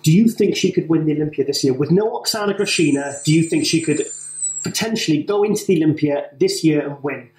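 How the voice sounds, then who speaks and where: A man's voice: fairly high pitch, fast, darkish tone. A British man co-hosting a casual chat, teasing and rambling with frequent restarts. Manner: rambling, self-correcting, teasing. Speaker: co-host. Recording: roomy, from far off the mic.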